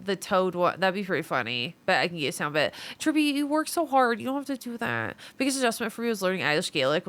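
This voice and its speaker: A woman's voice: mid-range voice, fairly bright tone. A woman with a Midwestern American accent chatting casually with her stream viewers, reading their messages aloud and swearing freely. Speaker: livestreamer.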